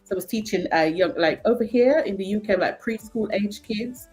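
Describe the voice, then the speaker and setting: A woman from Jamaica with a Jamaican accent, a guest telling stories in a casual, animated chat, laughing often and using many fillers. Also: medium pitch, moderate pace, faint music behind.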